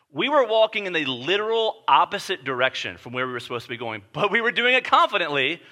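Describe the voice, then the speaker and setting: Bright-voiced man preaching a sermon. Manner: storytelling, emphatic, drops to a low hush for weighty points. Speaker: pastor.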